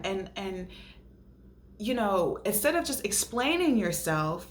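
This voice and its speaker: A woman's voice: mid-range voice, a bit bright. A woman hosting a casual recap of a reality show, talking animatedly and ranting, re-enacting what others said with mocking voices. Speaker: host.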